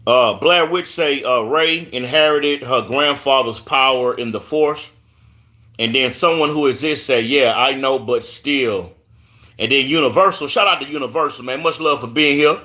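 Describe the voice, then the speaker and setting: A Houston, Texas man with a Southern accent hosts a casual live stream, his medium-pitched voice pushed and bright at normal speed. He reads viewer comments aloud, often stumbling over names and repeating words.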